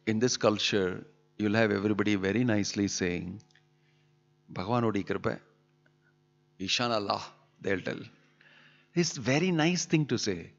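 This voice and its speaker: A man giving an emphatic scripture sermon in a temple hall, pressing his points with rhetorical questions. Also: fairly low pitch. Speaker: preacher. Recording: dull lo-fi hall recording with long reverb.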